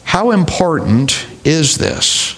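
A man's voice: on the high side, very animated, very slow, gravelly, a bit bright. A man preaching a sermon, stressing his points by repeating key phrases. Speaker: pastor.

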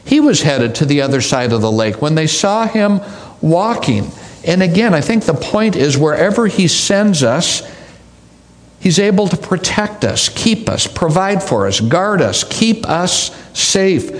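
Slow-speaking male preacher. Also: on the high side, big pitch swings. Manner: slow, deliberate, dramatic pauses and repetition. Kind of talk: sermon with scripture reading.

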